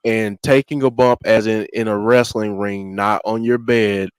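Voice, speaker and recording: A man's voice: lowish voice, steady tone, a little slow, clean tone, dry recording. A man co-hosting a wrestling talk show, ranting and getting fired up in casual chat. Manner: ranting, gets fired up, self-interrupting. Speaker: podcast co-host.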